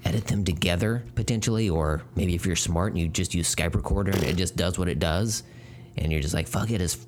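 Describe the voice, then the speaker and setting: A man co-hosting a podcast remotely, joking in a laid-back, deadpan way. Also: low voice, brisk, a little hiss or hum. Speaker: podcast co-host. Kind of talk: casual podcast chat. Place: recording remotely at home.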